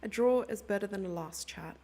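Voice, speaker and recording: A woman's voice: medium pitch, a little fast, mellow. A young woman commenting on chess live and chatting playfully with her viewers. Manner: chatty, playful, reads out and answers chat.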